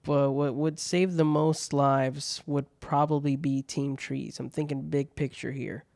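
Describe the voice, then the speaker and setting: A man's voice: mid-range voice, steady tone, measured pace, creaky, a little mellow, dry recording. A man hosting his own show, reading out viewer questions and jokes in laid-back casual chat, swearing freely.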